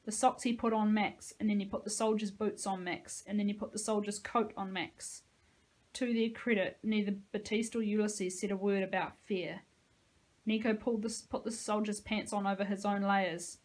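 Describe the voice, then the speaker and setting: Casting: woman teacher reading a novel aloud, dramatic and expressive, mid-pitched voice. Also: normal speed, low-quality recording.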